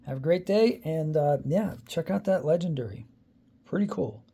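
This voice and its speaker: A man talks through an unboxing in a casual, rambling way. His voice is somewhat high for a man but gravelly, with a dark, mellow tone. He fills pauses with ums and uhs as he thinks aloud. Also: animated. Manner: chatty, thinking aloud with many fillers. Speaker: card-opening channel host.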